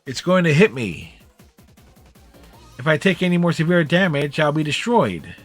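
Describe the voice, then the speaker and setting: A man's voice: fairly high pitch, animated, normal speed, faint music behind. A man streaming a game, reading its story text aloud in the first person with small slips.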